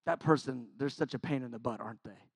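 A man voicing a sly, scheming male devil who tempts people, with a coaxing, insinuating manner that drops low and quiet. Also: fast talker, husky, dry recording, natural voice.

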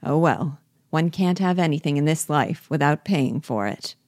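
A woman reading the part of Doctor Rank, an ironic, dying family friend in a stage play, in a wry, measured way. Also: low-pitched, darkish tone, dry recording, clean studio sound, lightly acted.

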